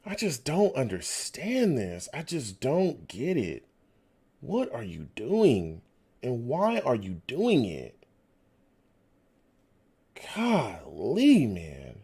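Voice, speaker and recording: A man hosts a live fan stream and reacts to a football game as it plays out. He vents his frustration and reads chat messages aloud. His pitch is very animated, and his level swings from low muttering to loud ranting. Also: drawn-out words, vocal fry, long pauses, breathy edge. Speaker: fan livestream host.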